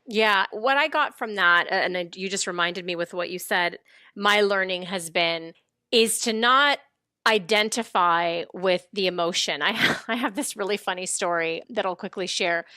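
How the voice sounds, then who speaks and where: A woman host telling a story in a casual, animated way. Her voice is bright and crisp, recorded dry and close. She laughs often as she talks. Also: mid-range voice, moderate pace, no room sound. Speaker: podcast host. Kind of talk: casual chat.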